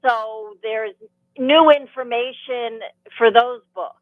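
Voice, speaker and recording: Lively woman telling stories on radio. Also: a little high, slow, no room sound, narrow, tinny audio. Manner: animated storytelling, rambling with restarts. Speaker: author and audiobook narrator, guest. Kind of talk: radio interview. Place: radio studio.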